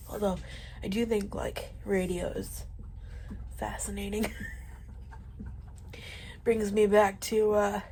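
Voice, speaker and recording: A woman in her twenties vlogs casually from home while pedaling an exercise bike, her voice congested from allergies. She rambles in a relaxed way, full of filler words, with a mid-range, slightly breathy voice.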